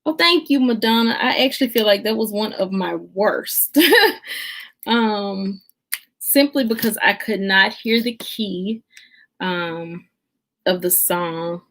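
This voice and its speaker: A young woman hosting a casual livestream, chatting and greeting viewers by name with lots of filler pauses. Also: mid-range voice, fairly bright tone. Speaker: livestream host.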